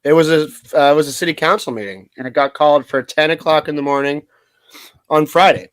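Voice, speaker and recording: Quick-paced and clear, this co-host's slightly high, resonant voice comes through with no room sound. Chatting about local politics on a casual talk show, he eats as he speaks, wanders off topic, and leaves sentences unfinished.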